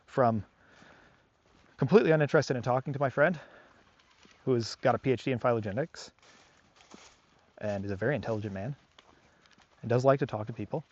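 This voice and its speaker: A man's voice: medium pitch, a little fast, long pauses, a little mellow. Male dog trainer, earnest, repeats for emphasis; outdoor walk, lo-fi sound. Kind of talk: explaining on camera while walking a dog. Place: outdoors on a park trail.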